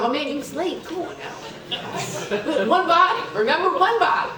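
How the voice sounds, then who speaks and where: A middle-aged man giving a motivational keynote in an event hall, energetic, calling for crowd responses and counting out dance moves. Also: very high voice, normal speed, slight background noise. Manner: energetic, leads crowd through dance counts, keeps asking "okay?". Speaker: keynote speaker. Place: event hall with tables and chairs. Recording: echoey hall, voice from a distance.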